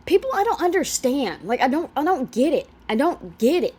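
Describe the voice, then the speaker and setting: A woman's voice: sits high, very animated, fairly quick, few pauses, a little mellow. A woman giving casual reaction commentary on a video, exasperated, profane and rambling.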